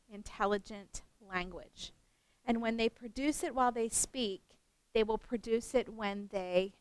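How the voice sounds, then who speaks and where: A middle-aged woman from West Virginia, a teacher trainer telling a story at a workshop, animated with self-mocking humor. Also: a little high, clear, resonant tone, no echo.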